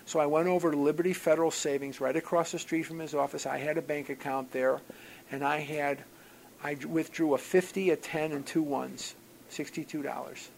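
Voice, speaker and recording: A man telling a personal story to a group at a recovery gathering, in an animated, wry way that swings from loud outbursts to quiet asides. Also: a little high, moderate pace, gravelly, slight background noise, low-quality recording. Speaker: speaker sharing at a recovery program gathering.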